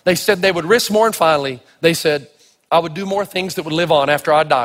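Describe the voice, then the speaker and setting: A man's voice: a little high, fast talker. A man preaching a sermon, telling stories and acting out the voices in them. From Tennessee. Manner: animated, acts out dialogue in stories. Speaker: pastor. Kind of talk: sermon with storytelling. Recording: long hall reverb.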